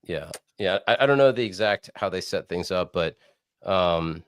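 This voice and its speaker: Young male co-host, very low and lively pitch, hoarse, profane rambler on a dry call line. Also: moderate pace, no room sound. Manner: rambling, profane, laid-back. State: hoarse from screaming. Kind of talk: casual podcast chat. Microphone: remote video call.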